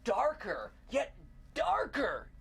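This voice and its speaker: A man's voice: extremely high pitch, slow pace, creaky, a little hiss or hum. A man hosting a game livestream, bantering playfully and reading game text aloud. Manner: goofy, animated, breaks into laughter. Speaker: livestream host playing a fan game.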